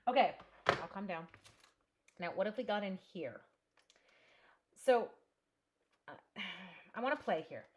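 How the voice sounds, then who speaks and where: Working through a live craft tutorial at home, a woman talks slowly with long pauses, her medium-pitched voice lively in intonation. She thinks aloud and welcomes viewers by name, against heavy background noise.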